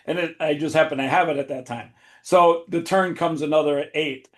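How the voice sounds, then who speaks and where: Laughing animated man telling a story. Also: fairly high pitch, moderate pace. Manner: animated, laughs often while telling stories. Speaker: podcast host. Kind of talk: casual storytelling chat.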